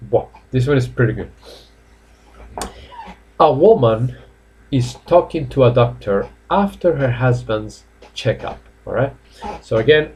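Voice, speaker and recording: A man teaching English in a live online class from home, chatty, repeating each phrase slowly. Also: medium pitch, darkish tone.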